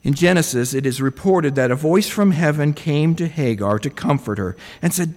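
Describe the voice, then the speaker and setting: A man's voice: a little high, lively intonation, normal speed, few pauses, darkish tone, in a large hall. A man preaching a sermon in a reflective way, often putting rhetorical questions to his listeners.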